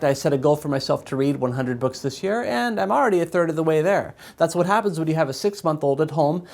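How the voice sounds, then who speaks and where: A man's voice: mid-range voice, gravelly. Male host, 30s, playful storybook-style delivery of scripted segments. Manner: playful, mock-fairy-tale delivery.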